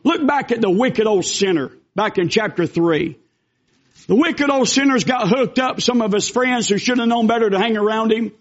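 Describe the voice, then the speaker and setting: A man preaching a fervent, folksy sermon as a pastor, with bursts of shouting. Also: high voice, moderate pace. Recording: dull lo-fi recording.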